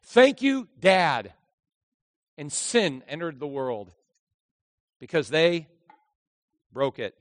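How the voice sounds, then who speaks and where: Pastor, male, high voice, animated sermon delivery, dry close mic with a long hall tail. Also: slow, long pauses. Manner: animated, acts out voices of characters.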